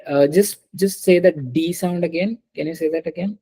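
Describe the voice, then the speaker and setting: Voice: medium pitch, normal speed, mellow, slightly rough, poor audio. A teacher giving an online French class over a video call, patiently repeating words and calling on students.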